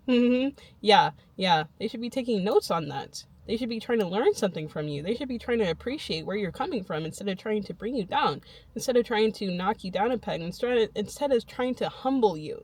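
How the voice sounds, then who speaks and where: A woman's voice: medium pitch, animated, a little fast, a little mellow, husky, no echo. A young woman vlogging to her channel, giving emphatic, repetitive pep talk and often laughing. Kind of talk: motivational self-talk to camera.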